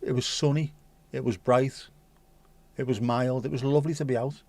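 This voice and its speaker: A man's voice: mid-range voice, fairly even intonation, normal speed, darkish tone, no echo. A man hosting a casual livestream, chatting with viewers in a jokey, teasing, rambling way. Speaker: livestream host.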